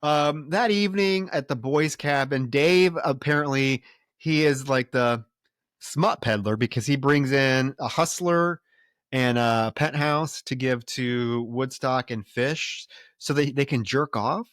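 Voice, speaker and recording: A man co-hosts a film podcast in casual chat, retelling scenes with loose, animated energy. His pitch is in the everyday middle range and he swears freely. The sound is dry and close to the mic. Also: takes it slowly, dry recording. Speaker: podcast co-host.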